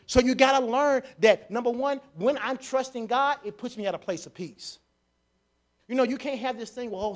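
A high-voiced man preaches a sermon. He repeats his phrases and swings between hushed asides and loud, emphatic declarations. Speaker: pastor.

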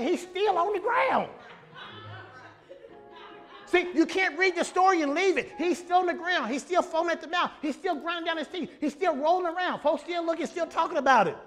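A man preaching a sermon in a lively, folksy style, building up to shouts. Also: very high voice, fairly quick. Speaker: pastor.

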